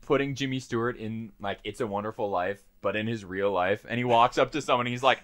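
A man's voice: lowish voice, fast talker, few pauses, a bit bright, no room sound. A man co-hosting a casual comedy podcast, telling rambling stories full of swearing and fillers. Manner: rambling storyteller, swearing, lots of "uh"s. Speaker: podcast co-host.

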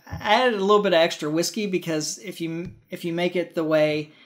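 A man's voice: high voice, fairly quick. A man hosting a casual podcast with a Southern accent, talking in a rambling way with many fillers and restarts. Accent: American Southern. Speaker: podcast host.

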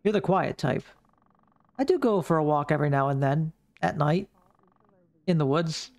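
A man reading the lines of a quiet young loner in a horror game, in a dry, mumbling delivery close to his own voice. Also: fairly high pitch, normal speed, vocal fry.

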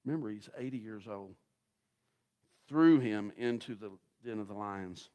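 A man preaching a sermon as guest pastor, telling the story in a folksy, dramatic way that swings from loud to hushed. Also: lowish voice, a little slow, clean tone.

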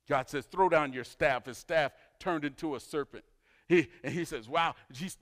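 A man's voice: a little high, fairly bright tone. A man preaching a sermon, a pastor who tells the story with animation and acts out the dialogue. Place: church sanctuary. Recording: church hall reverb.

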